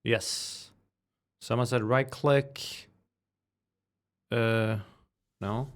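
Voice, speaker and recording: A man's voice: mid-range voice, extremely slow. A man streaming a fighting game, cursing at his matches and then chatting on a call. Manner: excitable, swears at the game, then talks softly on a call. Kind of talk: casual gaming stream chat.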